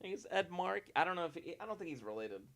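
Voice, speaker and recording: A man's voice: high voice, very animated, fast, fairly bright tone. A man hosting casual live-stream election coverage, talkative and self-mocking, often restarting his sentences as he checks results.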